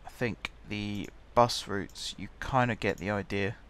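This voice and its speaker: Guy muttering through a building game, lowish voice, faint room hum and clicks. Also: fairly even intonation, unhurried, fairly bright tone. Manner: chatty, muttering to himself while building. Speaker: gaming channel host. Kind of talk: casual game commentary.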